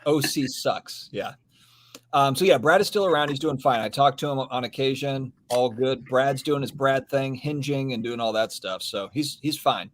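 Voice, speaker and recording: A man's voice: medium pitch, moderate pace. A man hosting a casual live stream, rambling easily and greeting viewers from the comments. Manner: laid-back, rambling, reads out viewer comments. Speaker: podcast host.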